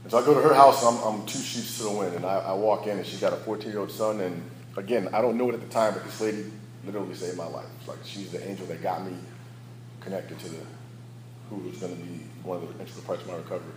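A man's voice: sits low, fairly even intonation, quick pace, echoey room, background noise. A man sharing his personal recovery story as a candid, storytelling speaker who laughs at his own past. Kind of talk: personal testimony talk.

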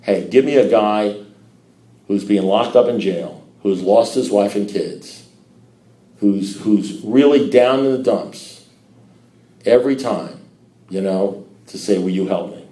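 A man's voice: fairly low pitch, slow, long pauses, warm tone, echoey room. A man giving a rambling, folksy personal testimony at a recovery meeting, with emphatic rising bursts.

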